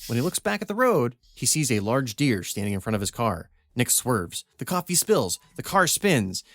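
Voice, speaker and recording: A man's voice: mid-range voice, big pitch swings, moderate pace, a bit bright, no room sound, clean studio sound. A man co-hosting a comedy podcast, reading his own script aloud with wry asides and frequent laughs. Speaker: podcast co-host.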